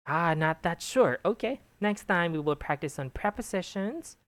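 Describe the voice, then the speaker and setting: Patient low-voiced woman tutoring English. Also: dry recording. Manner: patient, encouraging, with frequent "okay" and restarts. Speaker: English tutor giving exam feedback. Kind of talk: one-on-one online lesson feedback.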